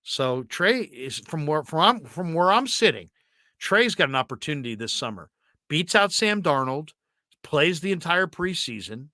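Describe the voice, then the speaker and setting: Bright, animated sports talk host man. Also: a little high, no echo, studio quality. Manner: animated, self-interrupting storyteller.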